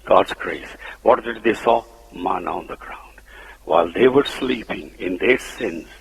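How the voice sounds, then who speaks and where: A man with a Punjabi accent preaching a sermon, emphatic, swinging between loud declarations and soft low asides. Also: husky. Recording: long hall reverb.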